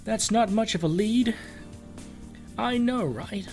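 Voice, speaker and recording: An eager, blunt young woman campaign manager in a story game, read out by a man in his own slightly high voice. Faint music sits under the lines. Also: very animated, brisk. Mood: puzzled.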